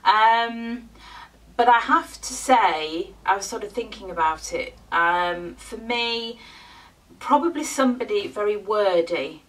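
A woman's voice: mid-range voice, slow, fairly bright tone, distant mic, poor audio. A woman from the UK chatting casually to camera as a beauty vlogger, rambling a little with frequent ums.

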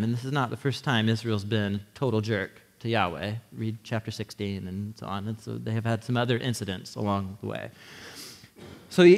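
A man preaching a sermon in a church, teaching in a conversational, animated way and often checking in with his listeners. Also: mid-range voice. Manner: animated teaching with frequent restarts. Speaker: pastor. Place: church sanctuary. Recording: long hall reverb.

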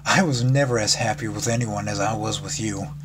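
A man voicing a shy, gentle female pony who apologizes softly and sorrowfully. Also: on the low side, fairly quick, close to an everyday voice. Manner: soft, apologetic. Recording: background noise.

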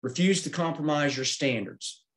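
A man's voice: fairly high pitch, normal speed, fairly bright tone. Plain-spoken man teaching safety. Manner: plain-spoken, explains each chart step by step, checks in with "okay?". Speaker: aviation safety instructor. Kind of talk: slide-based safety presentation.

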